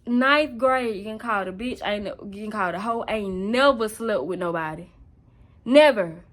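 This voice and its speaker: A woman's voice: medium pitch, fairly quick, fairly bright tone. Young woman, raw emotional storytime to the camera, mid voice. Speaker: vlogger. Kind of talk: personal testimony storytelling.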